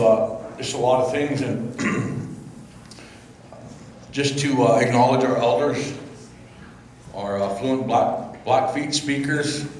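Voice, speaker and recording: A man giving an informal welcome speech as a tribal chairman. He speaks off the mic, in a halting and reflective way with many fillers. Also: mid-range voice, darkish tone. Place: indoor event hall. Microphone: speaking without the mic. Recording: very echoey hall, faint background hum.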